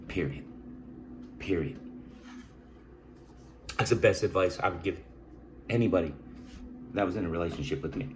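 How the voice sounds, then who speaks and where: A man giving earnest advice, emphatic and repetitive, often asking "right?" and clearing his throat between halting restarts. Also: low voice, noisy background. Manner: emphatic, repeats key phrases, says "right?" often. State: emotional. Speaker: vlogger sharing personal experience. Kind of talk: earnest direct-to-camera advice talk.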